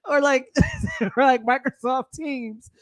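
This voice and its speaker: A man's voice: very high voice, steady tone, slow pace, fairly bright tone. A man co-hosting a casual talk show, teasing his partner and laughing often. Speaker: podcast co-host. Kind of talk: casual chat.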